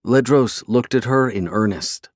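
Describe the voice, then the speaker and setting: A man narrating a fantasy novel in a measured, even storytelling way. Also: medium pitch, dry recording, clean studio sound. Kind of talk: scripted fantasy audiobook narration.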